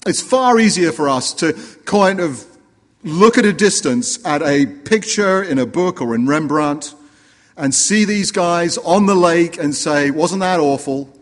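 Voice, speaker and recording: A man preaching a sermon earnestly, rising for emphasis and dropping low and quiet. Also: lively intonation, unhurried, long reverb tail. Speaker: pastor.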